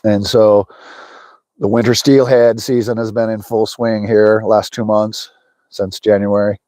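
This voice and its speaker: His voice is on the low side and dark, delivered flatly at a measured pace with no echo. He's a middle-aged American fishing outdoors by a lake in the snow, hosting a loose livestream where he rambles, talks to chat, and laughs often.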